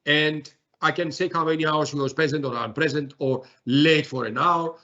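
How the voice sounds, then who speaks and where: A man presenting a software demo in a webinar, talking haltingly with many fillers and restarts. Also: a little high, steady tone, muffled recording.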